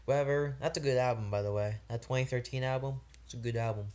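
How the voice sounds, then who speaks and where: A man's voice: mid-range voice, quick pace, few pauses, a little mellow. Young male music reviewer, casual and rambling, frustrated, swears a lot. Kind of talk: casual album review vlog.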